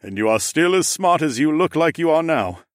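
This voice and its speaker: A man's voice: fairly high pitch, animated, moderate pace, no room sound, studio quality, voice pushed up, natural voice. A man voicing a jovial, knowing older ram lord with horns, who speaks in a teasing, slightly formal way. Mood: amused.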